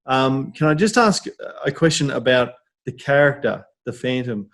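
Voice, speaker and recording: A man hosting a podcast in casual chat, lively and teasing, laughing easily. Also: mid-range voice, moderate pace. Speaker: podcast host.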